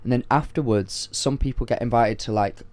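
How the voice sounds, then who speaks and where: A young man in his twenties co-hosting a podcast, telling stories in a casual, animated way with lots of fillers. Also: mid-range voice, fairly quick, dry recording. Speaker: podcast co-host. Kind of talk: casual chat.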